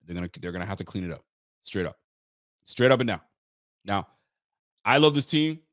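A man's voice: on the low side, animated, fairly quick, a bit bright, no room sound, clean studio sound. A young man hosting a live fan podcast, venting bluntly and swearing freely as he reads out viewer comments. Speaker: podcast host.

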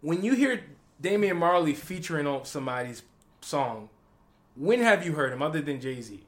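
Animated man co-hosting a music podcast. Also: fairly high pitch, normal speed. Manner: animated, joking, lots of fillers. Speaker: podcast co-host. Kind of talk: casual music review chat.

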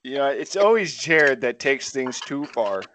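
Teasing man with an animated voice. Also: mid-range voice, measured pace, slight background noise. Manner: teasing, laid-back. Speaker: podcast co-host. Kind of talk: casual banter.

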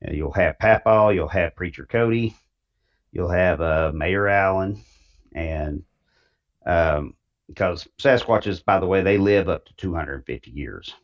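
A man's voice: sits low, a little slow, muffled recording. A man with an East Tennessee Southern accent, talking casually as a guest author in an interview, folksy and rambling with many fillers.

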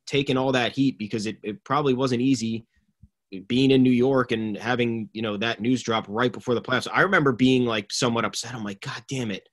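A man co-hosting a casual sports podcast, talking in a rambling, animated way with plenty of fillers. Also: lowish voice. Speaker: podcast co-host.

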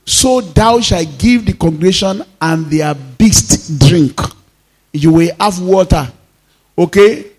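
A male pastor with a Nigerian accent preaching a sermon, reading scripture slowly and breaking into emphatic, rising declarations. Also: high voice, lively intonation, a little mellow, breathy edge. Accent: Nigerian, Yoruba-speaking. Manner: mixes in Yoruba phrases.

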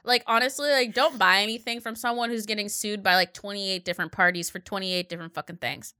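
A woman in her late twenties co-hosting a podcast, chatting casually with lots of swearing and animated storytelling. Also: mid-range voice, fast, clear, resonant tone, no echo, studio quality. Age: late 20s. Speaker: podcast co-host. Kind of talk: casual chat.

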